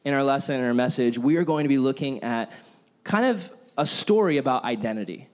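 A man's voice: medium pitch, animated, fairly quick, darkish tone. A young man giving a casual, jokey sermon to a youth group, telling self-deprecating stories. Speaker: youth pastor.

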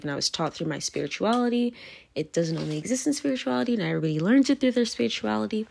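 A woman's voice: on the low side, gravelly. A tipsy woman hosting her own podcast, rambling loosely in a casual monologue and breaking off with "anyway, moving on" as she laughs and slips into whispers. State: tipsy, drunk. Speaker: podcast host.

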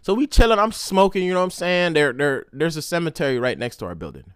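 A young man hosting a casual solo podcast, telling stories in a profane, slangy, animated way. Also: on the high side, fast, clear, resonant tone, dry recording, clean studio sound. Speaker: podcast host.

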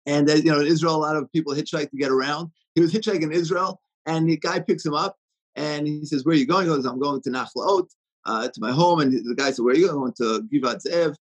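A man's voice: a little high, fast, slightly rough, rough recording. A man giving an inspirational talk, telling stories with many fillers and restarts.

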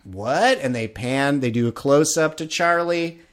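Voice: mid-range voice, normal speed, smooth. A podcast host chatting casually, swearing freely and telling stories with energy. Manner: loose, swears casually, animated storytelling. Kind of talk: casual chat.

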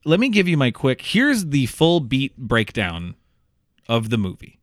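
A man co-hosting a podcast, animated and rambling in a casual movie review chat. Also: mid-range voice, unhurried, dry recording, clean studio sound. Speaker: podcast co-host.

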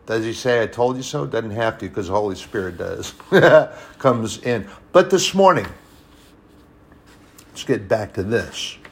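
A man preaching a sermon, telling personal stories, swinging between hushed and loud, emphatic passages. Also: fairly low pitch, expressive, measured pace. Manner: storytelling, personal anecdotes.

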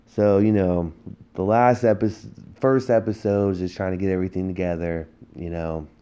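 A man with a low, dark-toned voice hosts a political podcast. He rants in a heated, emphatic way and leans on rhetorical questions to drive his points home. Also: fairly even intonation, moderate pace, clear, resonant tone. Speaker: podcast host.

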